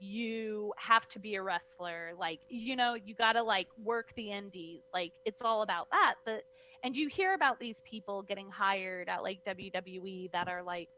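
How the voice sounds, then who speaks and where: Bright-voiced animated young woman storyteller. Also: mid-range voice, moderate pace, slight background noise, low-quality recording. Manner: lively, acts out voices in her stories, many "like"s. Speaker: guest, professional wrestler.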